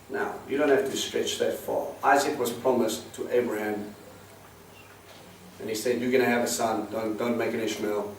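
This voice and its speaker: Explaining Hebrew vocabulary and testing his students, a man leads a small-group Bible study in a mid-range, slightly mellow voice. A faraway mic leaves the room audible, with faint hiss.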